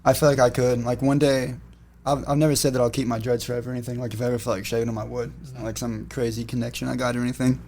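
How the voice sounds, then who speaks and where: A man as a podcast guest, telling stories in a relaxed, laid-back way. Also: medium pitch, rapid-fire, a little hiss or hum. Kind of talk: casual chat.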